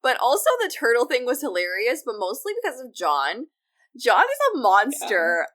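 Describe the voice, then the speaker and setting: A woman with a bright, sharp voice whose pitch swings widely as she talks. She co-hosts a casual podcast, animated and laughing often. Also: normal speed. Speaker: podcast co-host. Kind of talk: casual fan podcast chat.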